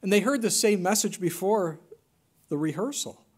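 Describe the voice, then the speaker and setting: Male pastor, high voice, sermon delivery, dramatic loud-to-hushed contrasts. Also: expressive, moderate pace, slightly rough. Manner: dramatic swings from loud emphasis to hushed near-whisper.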